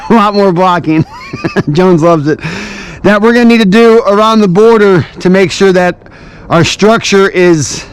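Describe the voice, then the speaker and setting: A man's voice: sits high, a little slow, smooth. A man hosting a construction vlog outdoors in the cold, chatty and upbeat, a little out of breath as he explains each step. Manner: chatty, upbeat, explains steps while working. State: breathing heavily from cold and climbing. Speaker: builder and channel host. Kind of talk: casual construction vlog narration. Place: outdoors on a cold building site. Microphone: action camera.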